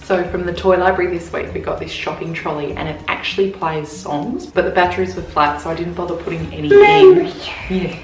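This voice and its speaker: A young Australian woman narrating a home parenting vlog in a soft, hushed voice. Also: on the low side, expressive, fairly quick. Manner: soft, hushed voice, keeping quiet for someone asleep. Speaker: parenting vlogger. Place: family home. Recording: roomy and distant with music behind.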